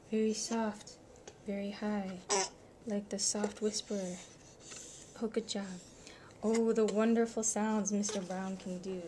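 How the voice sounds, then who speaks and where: A woman's voice: mid-range voice, little pitch movement, slow pace, pauses often, noisy background. A woman reading a picture book aloud to a baby at home in a sing-song, encouraging way, making playful sound words. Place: home at bedtime. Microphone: home video camera.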